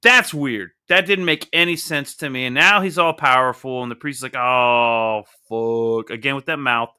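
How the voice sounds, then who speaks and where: A young adult man hosting a casual comic book review, animated, joking and swearing freely. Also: a little high, fairly quick, clean tone. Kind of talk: casual podcast chat.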